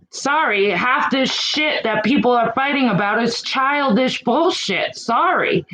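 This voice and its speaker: A woman's voice: on the high side, expressive, bright, forceful tone, low-quality recording. A middle-aged woman hosting her own channel, talking frankly and with exasperation to her chat viewers, with some mild swearing. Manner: slow and drawn out. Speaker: YouTube channel host. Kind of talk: casual chat to live chat viewers.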